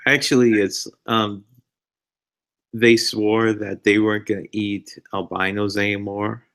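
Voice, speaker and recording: Low, slow-talking man in casual chat. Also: flat delivery, fairly bright tone.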